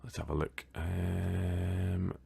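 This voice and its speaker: A man's voice: deep voice, little pitch movement, extremely slow, vocal fry, dark tone, slightly rough, no echo. A British man casually commentating as he plays a board game video game, rambling and swearing now and then. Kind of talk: casual let's-play commentary.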